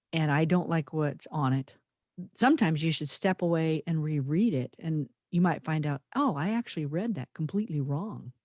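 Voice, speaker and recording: Thoughtful woman podcast host, emphatic delivery, lower voice, close and dry. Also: darkish tone, dry recording. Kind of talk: reflective podcast conversation.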